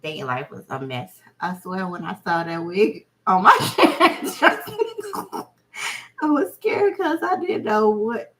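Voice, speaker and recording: A woman giving casual reaction commentary who laughs constantly and exclaims loudly. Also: medium pitch, animated, slow pace. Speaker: reaction video host.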